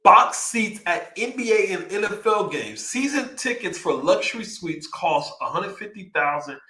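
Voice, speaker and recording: Hyped young man with a bright voice. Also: high-pitched, normal speed, echoey room. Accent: Texan. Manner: excitable, hyped, reads figures aloud and riffs. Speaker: livestream host. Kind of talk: casual livestream chat.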